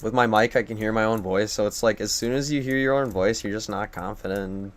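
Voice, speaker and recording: Brisk and steady in tone, a young man with a lowish voice provides casual live-stream commentary on a game from his computer. He rambles and jokes, often poking fun at himself.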